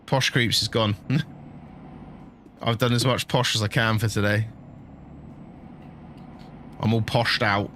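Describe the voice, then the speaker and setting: A man's voice: on the low side, fairly even intonation, takes it slowly, long pauses, fairly bright tone, a little hiss or hum. A middle-aged man chatting casually and jokily while streaming a truck-driving game, laughing often and bantering with his chat.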